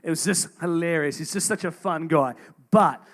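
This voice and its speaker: An upbeat, jokey man who interviews a guest at church. His voice is high for a man. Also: moderate pace, a bit bright. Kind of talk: onstage interview.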